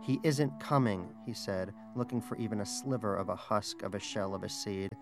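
Brief: male storybook narrator, low voice, dry and wry, faint music underneath. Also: fairly even intonation, fairly quick, gravelly. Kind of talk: storybook reading.

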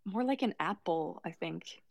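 A woman's voice: fairly low pitch, expressive, normal speed, creaky, dry recording. A young woman telling a personal story in a casual, hesitant way, often breaking off and restarting. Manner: hesitant, self-interrupting, soft laughs.

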